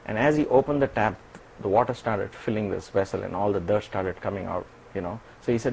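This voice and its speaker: A man being interviewed as a guest, telling a personal story in an animated way and often laughing. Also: lowish voice, a little fast, creaky, a little hiss or hum, poor audio.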